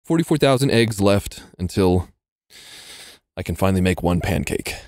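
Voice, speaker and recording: A man's voice: sits low, expressive, normal speed, darkish tone, no echo, clean studio sound. A young man streaming a tank game live, joking around and swearing as he talks through the fight. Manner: jokey, swears a lot, thinks aloud mid-fight. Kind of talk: live gameplay commentary.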